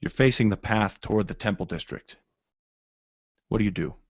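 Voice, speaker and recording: Dude running a tabletop game, halting, lots of ums, dull dry audio. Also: male voice, fairly low pitch, no room sound. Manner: halting, many fillers. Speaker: game master.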